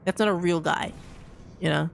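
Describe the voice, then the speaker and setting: Gravelly, rambling game streamer. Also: medium pitch, moderate pace, a little hiss or hum. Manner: rambling, full of restarts and repeats; calls people "dude". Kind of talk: casual gameplay commentary.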